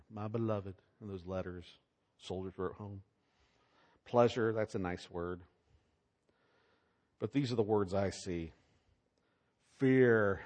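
A man preaching a sermon, swinging between loud, emphatic lines and hushed asides. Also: sits low. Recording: long hall reverb.

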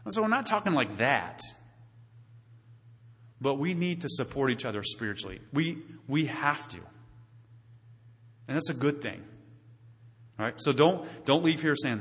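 A man preaching from the pulpit with a bright, forceful voice that rings out into a long, echoing church hall. His delivery is conversational, full of restarts and direct questions to the people in the pews. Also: mid-range voice, very animated, moderate pace, long pauses. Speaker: pastor. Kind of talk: sermon.

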